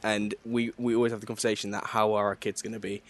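Young bloke hosting a podcast, banter-heavy, laughs a lot, remote call. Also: male voice, fairly low pitch, level tone, no room sound. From southern England. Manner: jokey, chatty banter, quick to laugh. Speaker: podcast host. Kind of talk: casual chat.

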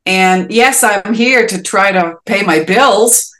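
A woman's voice: medium pitch, slow, a bit bright. A woman with a Boston accent, a musician guest chatting in a podcast interview, rambling and leaning on "you know" fillers.

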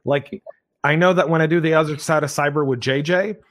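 A man's voice: on the high side, fairly even intonation, brisk, fairly bright tone. A man hosting a podcast in an upbeat, joking way. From United States. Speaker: podcast host.

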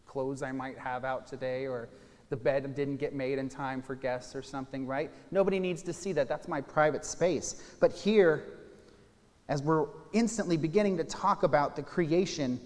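A man's voice: medium pitch, a little mellow. A man preaching a sermon, teaching casually and a little self-deprecating, then reading scripture aloud with emphasis. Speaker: pastor. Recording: long hall reverb.

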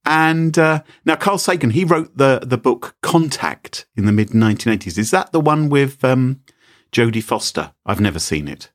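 A man's voice: mid-range voice, expressive, moderate pace. A man co-hosting a podcast in casual chat, playful and teasing as he tells a story. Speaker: podcast co-host.

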